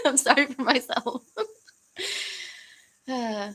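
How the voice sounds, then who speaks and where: A woman's voice: mid-range voice, unhurried, sharp tone, rough recording. A young woman from the United States chatting casually on a livestream, rambling with fillers and easy laughs. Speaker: livestream host.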